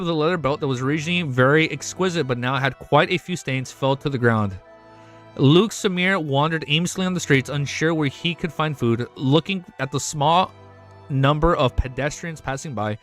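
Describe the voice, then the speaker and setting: A man streaming live, reading a novel aloud and breaking off into excited, swearing reactions. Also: mid-range voice. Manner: excitable, swears often, sudden loud outbursts.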